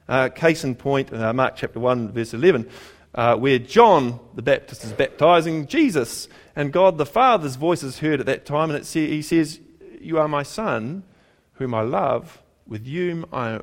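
Kiwi male preacher, slightly higher voice, very animated pitch, chatty sermon with rhetorical questions and repeated lines. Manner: conversational, with rhetorical questions to the congregation; emphatic repetition of key phrases.

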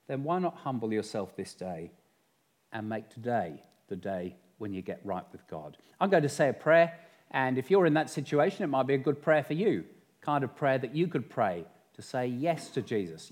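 Brief: a male preacher, earnest and measured, medium-pitched voice, leading a church prayer. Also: very animated. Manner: earnest, measured, gently pleading. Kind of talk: sermon.

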